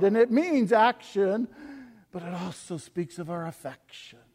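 Male pastor, sermon, impassioned, rhetorical questions; high voice, long hall reverb. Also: measured pace. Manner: impassioned preaching, swings from soft to loud, repeats rhetorical questions.

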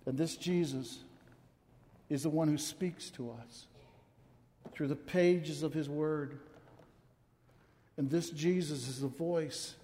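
A man's voice: on the high side, takes it slowly, long pauses, warm tone. A man preaching a sermon in an impassioned, emotional way, repeating words for emphasis, recorded in a church sanctuary. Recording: long reverb from a large hall.

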